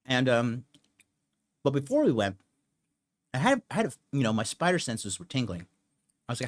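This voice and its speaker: A young man talks straight to his listeners, swearing freely and wandering through a personal story with plenty of fillers. His voice sits at an ordinary middle pitch, and his delivery is blunt and casual. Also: sing-song, moderate pace, long pauses. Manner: blunt, profane, rambling with fillers. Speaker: podcast host.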